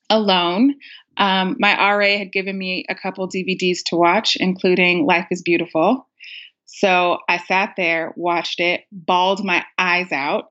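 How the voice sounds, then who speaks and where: A woman's voice: mid-range voice, fairly bright tone. Young woman, self-mocking, lo-fi. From United States. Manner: laughing often, self-mocking. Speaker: caller. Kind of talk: casual storytelling. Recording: dull lo-fi sound.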